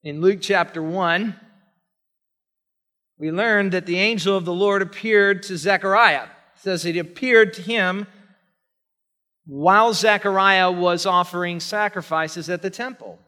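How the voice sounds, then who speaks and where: A male pastor preaching a sermon in a church sanctuary, emphatic and swinging from hushed to loud. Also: sits high, a little slow. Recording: long reverb of a large church hall.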